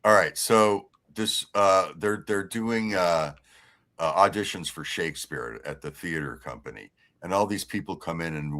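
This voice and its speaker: A man telling a joke in casual chat, halting and slow, who keeps repeating his punchline. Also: low-pitched, animated, fairly bright tone.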